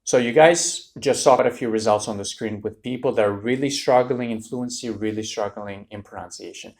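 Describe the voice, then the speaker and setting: A man with a fairly low voice talks a little fast in a to-camera tutorial, preparing students for a speaking exam. His delivery is direct and full of energy, and he addresses the audience as "you guys".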